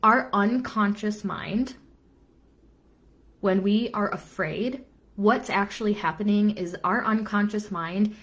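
A woman's voice: medium pitch, unhurried, fairly bright tone. Earnest woman coach talking to viewers. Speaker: business coach. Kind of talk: live-stream coaching talk.

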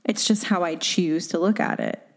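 Candid low-voiced woman coach talking solo. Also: fairly even intonation, moderate pace, darkish tone. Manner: casual, candid, full of fillers and tag questions. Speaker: podcast host and coach. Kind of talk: solo motivational talk.

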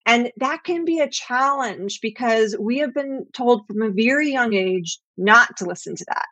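A middle-aged woman talks through her Pilates teaching with earnest, explanatory care, now and then acting out the voices of others. Her voice sits fairly high. The sound is dry and close. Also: lively intonation, moderate pace, bright, forceful tone, no room sound. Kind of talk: conversational interview answers.

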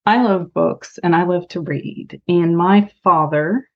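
A woman author being interviewed, talking in a soft, reflective way with frequent pauses and ums. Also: fairly low pitch, lo-fi sound. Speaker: author and podcast guest. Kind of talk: casual interview chat.

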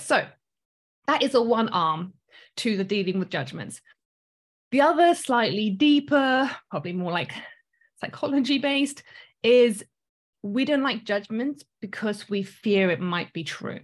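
A woman's voice: on the high side, lively intonation, unhurried. A woman in her thirties from South Africa with a mostly British accent and a light South African tinge, giving an earnest motivational coaching talk full of rhetorical questions. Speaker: business coach.

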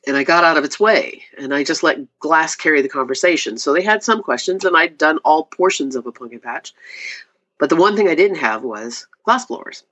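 A woman, a glass artist, telling stories in a casual interview and acting out quotes in a much higher voice. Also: fairly quick. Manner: animated, acts out quoted voices with high pitch jumps. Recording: slightly dull lo-fi audio.

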